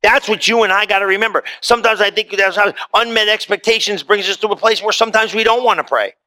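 High bright-voiced preaching man. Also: quick pace. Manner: conversational preaching, swings between loud quoting and soft asides. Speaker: pastor. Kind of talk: sermon. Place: church in front of a congregation.

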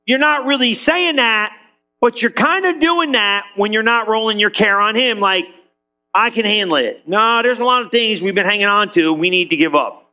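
High, bright-voiced man preaching casually. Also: moderate pace. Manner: conversational, acts out quoted voices; repeats himself with restarts. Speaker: pastor. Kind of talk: lively sermon.

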